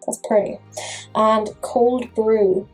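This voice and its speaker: A woman's voice: fairly high pitch, steady tone, takes it slowly, husky, faint music behind, low-quality recording. Chatty woman reviewing makeup. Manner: chatty, self-mocking humor. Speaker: makeup vlogger.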